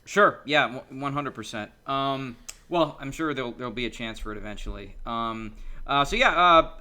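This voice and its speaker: Male podcast co-host, casual and hesitant, crisp clear tone. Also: mid-range voice, normal speed, sharp tone. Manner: hesitant, many "um" and "uh" fillers. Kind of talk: casual chat.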